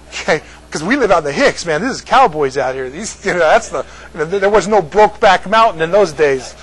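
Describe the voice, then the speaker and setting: A husky, fairly high-pitched older man from the United States tells a long, rambling story to a group. He often repeats himself and laughs along with his own jokes, in a loose, casual way. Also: expressive, fairly quick, rough recording. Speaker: speaker addressing a group.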